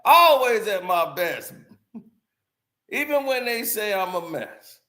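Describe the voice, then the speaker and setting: Animated man laughing through commentary. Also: sits high, slow pace, roomy sound. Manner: laughs often, animated and joking. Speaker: streamer reacting to news. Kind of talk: casual reaction commentary.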